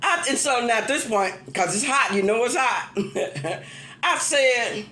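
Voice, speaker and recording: Speaking at a measured pace in an echoey room, a woman on the high side rants to her viewers in casual storytelling style. As a vlogger she gets animated and exasperated, laughing through her venting.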